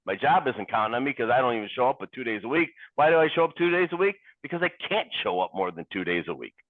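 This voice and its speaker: An earnest man speaks at a recovery meeting with a steady, mid-range voice and a deliberate delivery. He puts questions directly to the listeners. The sound comes through thin and phone-like, and completely dry. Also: mid-range voice, no echo. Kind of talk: personal recovery share.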